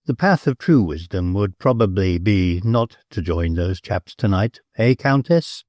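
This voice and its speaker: A man's voice: deep voice, animated, measured pace, darkish tone, no echo, studio quality. A man voicing a big, blunt American gambler with an abrupt, muttering manner, in an audiobook. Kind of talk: audiobook character voice.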